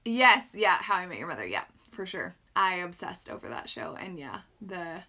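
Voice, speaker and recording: A woman's voice: lowish voice, very animated, moderate pace, pushed and bright. A woman from Canada chatting casually on a live stream, reading out and answering viewer comments over a phone mic. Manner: chatty, reads out and responds to comments.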